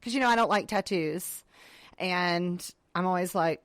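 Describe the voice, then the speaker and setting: A woman's voice: lowish voice, animated, a little fast, no room sound, studio quality. A middle-aged woman co-hosting a podcast, chatting in a motherly, talkative way. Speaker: podcast co-host. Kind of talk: casual chat.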